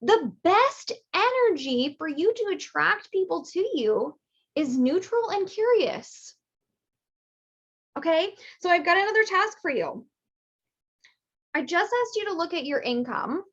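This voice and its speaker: A woman business coach teaching in a casual, lively way, acting out little quoted voices with big jumps in pitch. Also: measured pace, long pauses, dull audio. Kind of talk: teaching monologue.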